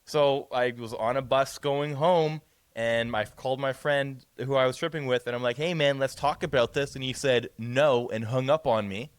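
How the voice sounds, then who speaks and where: A young man co-hosting a podcast, rambling through a profane, animated story in casual chat. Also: medium pitch, normal speed, clear, resonant tone, no echo. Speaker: podcast co-host.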